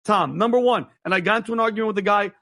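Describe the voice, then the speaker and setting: A man with a high voice argues heatedly on a talk show. He talks fast and emphatically, restarting his sentences as he pushes his point. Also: fairly bright tone.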